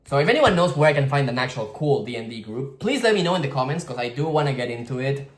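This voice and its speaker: A man's voice: medium pitch, animated, quick pace. Rambling slangy man in echoey room. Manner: rambling, slangy, swears freely, many "like" fillers. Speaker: vlogger. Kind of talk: casual storytelling vlog. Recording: roomy echo with guitar music behind.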